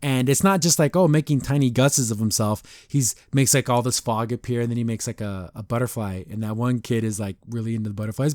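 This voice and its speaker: A man hosting a podcast, casually recapping a cartoon episode in a rambling, animated way, acting out the characters' lines. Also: mid-range voice, brisk, hardly any pauses, no echo, clean studio sound.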